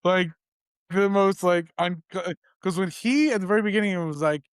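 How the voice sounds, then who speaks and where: A man's voice: high voice, moderate pace, clean tone, no room sound, studio quality. A man in his twenties co-hosting a podcast, telling a long rambling anecdote and acting out the other man's lines in casual chat. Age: 20s. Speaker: podcast co-host.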